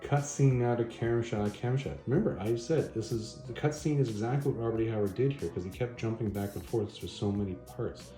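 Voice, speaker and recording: A man hosting a casual comic book review video, retelling the story in a chatty, animated way. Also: fairly low pitch, a little fast, hardly any pauses. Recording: roomy echo, faint music.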